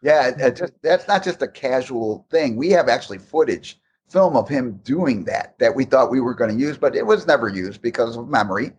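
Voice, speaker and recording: A man's voice: medium pitch, fairly quick, slight background noise. A man in a casual interview, telling long, rambling stories about making a game, with many restarts. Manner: rambling, restarts often, animated anecdotes. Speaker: guest recalling game development.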